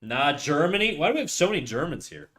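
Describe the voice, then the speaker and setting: This Canadian man streams his drawing and rambles to viewers in a fairly high voice with big pitch swings and a quick pace. His casual chat often fades into a mutter as he concentrates on the work.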